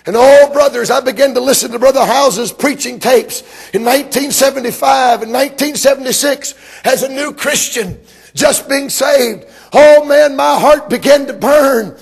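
A man from Georgia preaching a sermon, telling stories emphatically and rising to shouts. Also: extremely high pitch, moderate pace, vocal fry, husky.

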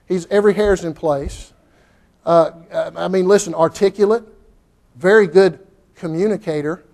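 A man's voice: high-pitched, darkish tone. A middle-aged man preaching a sermon in a church, folksy and repetitive, rising to fervent outbursts.

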